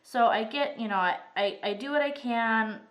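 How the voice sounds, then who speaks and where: A woman's voice: on the high side, normal speed, fairly bright tone. A woman in her thirties, recovering from strep throat and breathing a little heavily, chatting and rambling casually while she works on a craft at her table. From Arizona, US. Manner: chatty, rambling, says "like" often. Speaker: vlogger.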